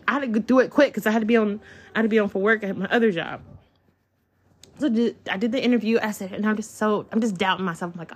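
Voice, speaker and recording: A chatty woman tells her own story to listeners as a solo podcast host. She talks from home in an excitable, confiding way. Her voice sits at an ordinary middle pitch for a woman. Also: fast, husky. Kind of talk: personal storytelling monologue. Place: at home, child in the room.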